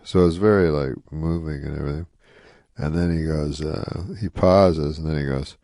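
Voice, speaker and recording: Fifties man from Canada, wry rambling storyteller, deep voice with fry, dry close sound. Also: fairly even intonation, normal speed, dark tone, no echo. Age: 50s. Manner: rambling, wry, full of asides. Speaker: interview guest, comedian. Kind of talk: casual anecdotal storytelling.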